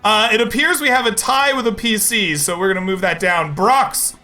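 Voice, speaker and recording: A man's voice: high voice, normal speed, sharp tone. A man running a tabletop game as game master, narrating with an easy, laughing manner. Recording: faint background music.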